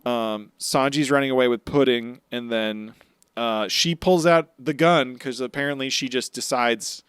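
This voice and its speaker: A man's voice: mid-range voice, unhurried, a bit bright, smooth, no echo, studio quality. Laid-back man recapping episodes. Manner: laid-back, rambling retelling with filler words. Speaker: podcast co-host. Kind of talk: casual chat recapping anime episodes.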